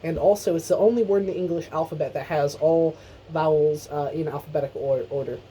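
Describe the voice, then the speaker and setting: A woman's voice: low voice, steady tone, fast talker, dark tone, a little hiss or hum, low-quality recording. Playful young woman co-hosting radio. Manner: playful, teasing, mock-apologetic. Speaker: radio show co-host. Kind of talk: casual radio chat.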